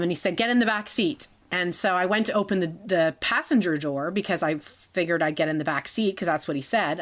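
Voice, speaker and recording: A woman in her forties telling her own story in a halting way, with restarts and small laughs. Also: fairly low pitch, fairly bright tone. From Canada. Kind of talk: personal storytelling.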